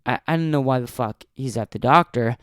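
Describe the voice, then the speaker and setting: A man's voice: mid-range voice, brisk, clean tone, dry recording, clean studio sound. A young man hosting a solo podcast, telling an angry, profanity-filled story about a friend. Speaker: podcast host.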